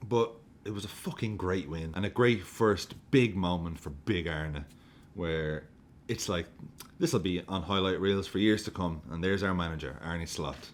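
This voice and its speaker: A man reviewing a football match, excitable and sweary, often breaking into laughter as he gushes. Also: deep voice, moderate pace, a little hiss or hum. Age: adult with a young daughter. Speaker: football fan vlogger.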